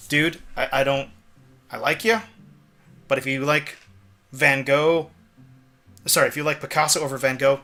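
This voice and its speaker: A young man streaming a game, chatting excitably and cursing, rambling between game lines. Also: mid-range voice, moderate pace, pauses often. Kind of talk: let's play commentary.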